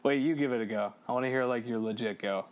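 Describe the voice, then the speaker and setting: A man co-hosting a casual video game chat, excitable, swearing freely and laughing often. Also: mid-range voice, fast. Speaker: let's play co-host.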